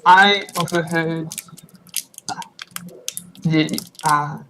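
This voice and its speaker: A man's voice: on the high side, steady tone, extremely slow, sharp tone, slight background noise, rough recording. A man playing his character in a tabletop game, hesitant with many ums and casual slang, on a faulty computer mic over a voice call. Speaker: player. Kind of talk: tabletop role-play, speaking in character. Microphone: faulty computer mic over online voice call.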